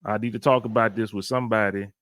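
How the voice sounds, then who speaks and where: Halting, rambling man on a podcast. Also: lowish voice, steady tone, a bit bright, no room sound. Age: adult married man. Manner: rambling, halting with many restarts. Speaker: podcast co-host. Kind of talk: casual chat.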